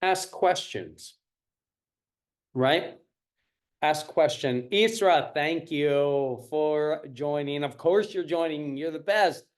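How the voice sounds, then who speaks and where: A man's voice: on the high side, slow pace. A man teaching a live-streamed parenting class. He repeats his points and keeps checking in with the audience. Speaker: parenting coach.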